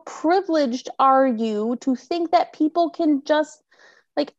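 A woman's voice: high-pitched, slow pace, dry recording, dull audio. A woman in her thirties co-hosting a podcast, ranting with lots of swearing in a fired-up casual chat. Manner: animated, profane, fired-up ranting. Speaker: podcast co-host.

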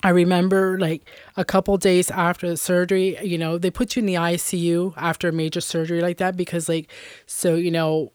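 Middle-aged woman, interview guest, earnest testimony, lowish voice, dry. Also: flat delivery, a little fast, a little mellow, clear, resonant tone, no room sound. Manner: earnest, many fillers like "you know" and "um".

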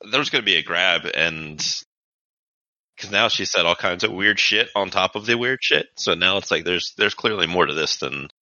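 A man's voice: low-pitched, moderate pace, pushed and bright, dry recording, dull audio. A man playing a tabletop game, talking casually and swearing freely. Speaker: player.

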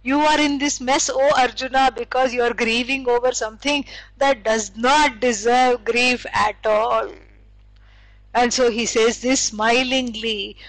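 A woman's voice: high-pitched, a bit bright, no room sound, rough recording. A woman teaching scripture, explaining with stories and acted quotes, using many fillers. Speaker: spiritual teacher. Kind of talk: scripture lecture.

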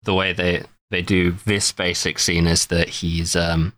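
Male co-host, very deep voice, dry close sound, emphatic banter. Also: little pitch movement, a little slow, a bit bright, no room sound. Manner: emphatic, swears, laughs easily. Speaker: podcast co-host. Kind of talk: casual chat.

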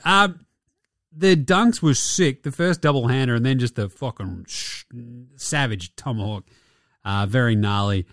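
A man's voice: mid-range voice, animated, unhurried, dry recording, clean studio sound. A young Australian man giving a casual, profane and mocking recap of basketball games. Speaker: basketball commentator.

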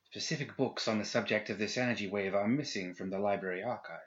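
A man's voice: on the low side, quick pace, fairly bright tone, natural voice. A man voicing a small, stoic secretary who answers in clipped, formal reports. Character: small stoic male secretary with pince-nez. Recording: dull lo-fi recording.

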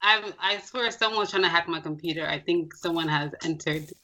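A Nigerian-born woman co-hosting a casual podcast chat over a remote call, playful and quick to switch voices and tones. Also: lowish voice, bright, forceful tone, slight background noise. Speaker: podcast co-host. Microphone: computer on a remote call.

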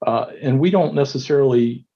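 A man who works as an emergency physician and medical director tells shift stories on a panel, full of restarts and fillers. The audio is dull, and his medium-pitched voice moves briskly with some vocal fry.

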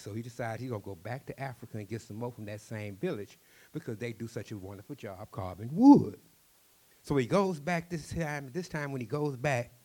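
A Cajun-accented man with a mid-range voice tells stories during an interview. He's animated and quick, and he often repeats words.

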